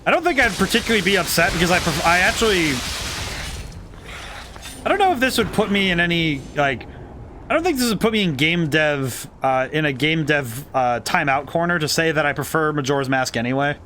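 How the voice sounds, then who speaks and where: A man's voice: a little high, animated, brisk, pushed and bright, slight background noise. A man streaming a game, musing thoughtfully and rambling as he corrects himself mid-sentence. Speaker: game designer streaming gameplay. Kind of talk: casual livestream commentary.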